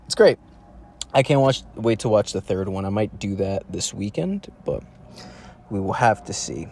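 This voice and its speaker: A man's voice: lowish voice, expressive, normal speed, gravelly, darkish tone, slight background noise. A young man rambling through a profane solo monologue, full of restarts and rants. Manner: profane, meandering, ranting with frequent restarts. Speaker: solo podcast host.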